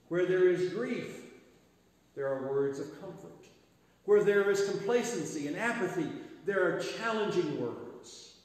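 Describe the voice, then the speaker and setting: A male pastor delivering a sermon with rhythmic repetition and phrase ends that trail off quietly. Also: high voice, animated, a little slow. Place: church sanctuary. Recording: echoey church sanctuary with long reverb.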